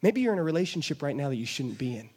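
A man's voice: a little high, sing-song, rapid-fire, darkish tone, breathy edge. A man preaching a sermon, retelling a scripture story with emphatic storytelling and acting out the voices of its people. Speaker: pastor.

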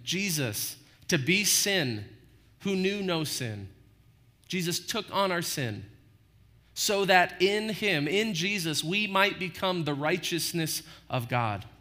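His sermon is conversational, full of "right?" tag questions and little acted-out quotes. The pastor's voice is fairly high-pitched with a sharp edge.

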